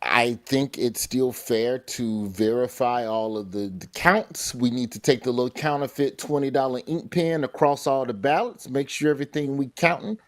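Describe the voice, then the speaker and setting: A man, a comedian and TV host, telling stories in a casual chat and jumping into quick character voices. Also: medium pitch, no echo. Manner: animated storytelling, slips into character voices. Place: remote, in London.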